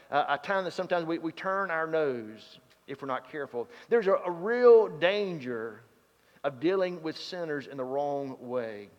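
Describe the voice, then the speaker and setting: A man preaching a sermon, telling stories and swinging from loud to hushed. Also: mid-range voice. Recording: dull sound in a reverberant hall.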